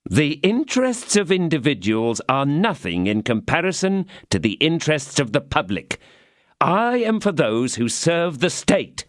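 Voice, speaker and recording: A man's voice: on the high side, sing-song, normal speed, few pauses, no room sound, clean studio sound, pitched above the performer's own voice. A man voicing a greedy, cowardly middle-aged mercer in an audiobook, speaking pompously and repeating grand phrases. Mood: smug.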